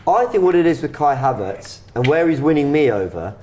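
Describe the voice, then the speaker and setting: A man hosting a live football watchalong, chatting and arguing a point with fellow fans. His voice swings up and down in pitch as he makes his case. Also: brisk, a little hiss or hum. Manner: animated, defends his opinion, shifts pitch a lot. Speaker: watchalong host.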